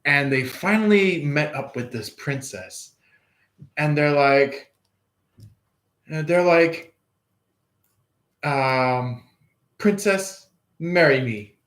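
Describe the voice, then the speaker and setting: A man's voice: fairly high pitch, very slow, pauses often, fairly bright tone. A man giving a casual tarot reading, rambling, chuckling and acting out quoted lines. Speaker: tarot reader. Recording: echoey room.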